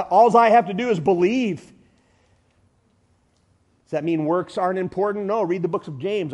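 Man, sermon, high voice, emphatic, loud-to-hushed swings, folksy illustrations. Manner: uses everyday illustrations and humor.

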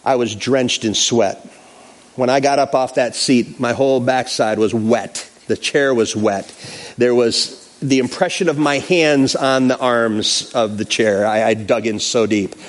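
A pastor telling a personal story in a sermon, acting out the quotes in an animated way. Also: male voice, medium pitch, measured pace.

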